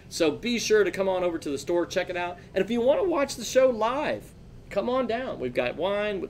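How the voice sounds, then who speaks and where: A man's voice: on the high side, slight background noise. A man hosting a casual live talk show from a small shop, joking and plugging the venue. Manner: jokey, plugs the venue. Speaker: show host.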